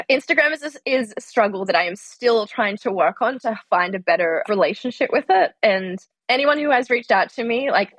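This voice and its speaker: A woman's voice: mid-range voice, slightly rough, no echo. A woman yoga teacher speaking as a podcast guest, earnest and heartfelt, with many "like" fillers. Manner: earnest, heartfelt, frequent "like" fillers, laughs easily. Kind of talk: reflective interview conversation.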